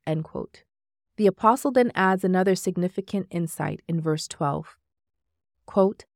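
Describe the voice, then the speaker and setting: Low, steady woman reading a devotional book. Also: dry recording, clean studio sound. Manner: measured, steady reading that marks each quote aloud. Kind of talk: scripted narration reading aloud.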